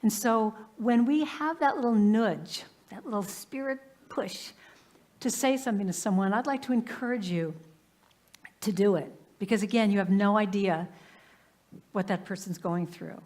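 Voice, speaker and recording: A woman's voice: medium pitch, normal speed. A woman minister giving a sermon in a live church service, telling everyday stories in a conversational way and often saying "you know.". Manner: conversational, warm anecdotes with frequent "you know". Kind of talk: storytelling sermon.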